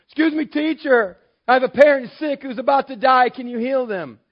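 A man voicing a pushy grown man who interrupts a teacher, loud and eager. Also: very high-pitched, moderate pace, dull audio, pitched above the performer's own voice. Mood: urgent pleading.

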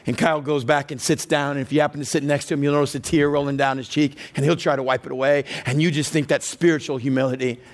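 A man preaching a sermon as pastor, telling stories with animated voices for the people in them. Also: mid-range voice, fast talker, hardly any pauses. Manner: animated storytelling, acts out voices, rising to near-shouts.

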